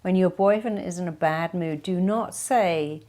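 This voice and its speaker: A woman's voice: on the low side, unhurried, hardly any pauses, dark tone. A woman therapist answering a viewer's question with direct, reassuring advice.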